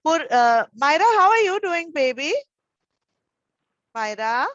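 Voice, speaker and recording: High-voiced teacher coaxing small children. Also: female voice, lively intonation, measured pace, no echo. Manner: gentle, encouraging, coaxing with endearments. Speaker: preschool teacher. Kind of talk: online class with young children. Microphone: video call. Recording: dull, dry video call audio.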